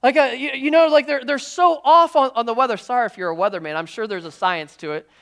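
A pastor preaches in a loose, talky way, restarting his sentences as his thoughts race ahead. He breaks off now and then for a quick joke to the room. His voice is a man's, relaxed and personal. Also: very high voice, creaky. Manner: lively conversational preaching with frequent restarts; jokey asides to the congregation. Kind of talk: sermon.

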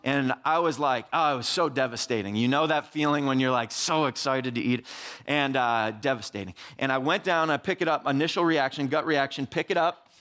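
A young man giving a casual, animated sermon, full of "like" and asides. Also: mid-range voice, a little fast. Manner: animated, filler-heavy, says "like" often.

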